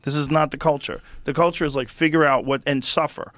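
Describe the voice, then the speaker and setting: A male podcast host talking casually in a studio with a close mic and a dry sound, no room echo. He explains with animated enthusiasm and swears freely. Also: on the high side, fairly quick. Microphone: studio microphone.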